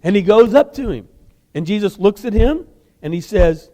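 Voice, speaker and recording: Animated high-voiced preacher. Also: male voice, moderate pace, long reverb tail. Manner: animated storytelling with casual asides. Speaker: guest preacher. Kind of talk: sermon.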